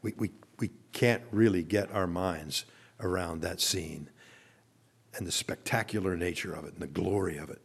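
A man's voice: moderate pace, gravelly, slightly rough. Earnest male pastor preaching. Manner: earnest, leads the congregation in recitation, drops to a soft low voice at phrase ends. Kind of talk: sermon.

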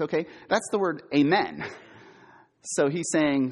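A middle-aged man preaching a sermon, quizzing his listeners and repeating key words for emphasis, sometimes loud and sometimes hushed. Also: a little high, lively intonation, unhurried, breathy edge. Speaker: preacher, former campus minister.

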